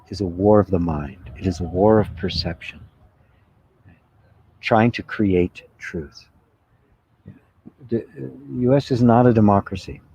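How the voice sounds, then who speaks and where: A man giving a spiritual satsang talk, reflective and unhurried, often asking "right?" and laughing softly. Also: on the low side, husky. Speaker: spiritual teacher. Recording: dull lo-fi sound.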